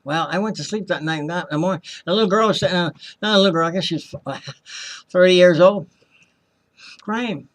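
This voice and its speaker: A man's voice: high-pitched, brisk. A man telling his own story as a former hospital patient, impassioned and accusing, often repeating himself and acting out the voices of people he quotes. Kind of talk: personal testimony, storytelling.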